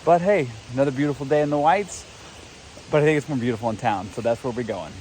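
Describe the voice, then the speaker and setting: A man's voice: medium pitch, quick pace, noisy background. A man casually vlogging to a handheld camera at a damp outdoor campsite, chatty and tired from hiking. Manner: chatty, upbeat, laughs easily. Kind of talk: casual trail vlog to camera.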